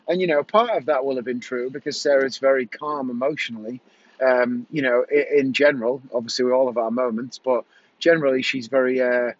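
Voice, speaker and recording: A man's voice: fairly high pitch, no room sound, highs cut off. A man talking candidly in a personal vlog, rambling and correcting himself as he goes, recorded on an earphone mic. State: has the hiccups. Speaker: vlogger.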